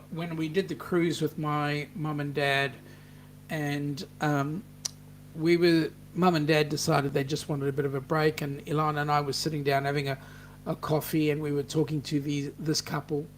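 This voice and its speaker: A man's voice: fairly high pitch, level tone, moderate pace, slight background noise. Chatty Australian man hosting a livestream. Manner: rambling and chatty, many ums and restarts. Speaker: host of a cruising livestream. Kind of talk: casual live chat reading viewer comments.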